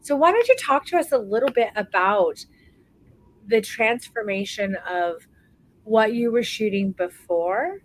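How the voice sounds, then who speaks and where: A woman hosting a live online photography class, talking warmly and encouragingly to her students, calling them "baby" and stretching out words for emphasis. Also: medium pitch, expressive, a little slow, low-quality recording. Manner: warm encouraging, calls people baby. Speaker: photography course instructor.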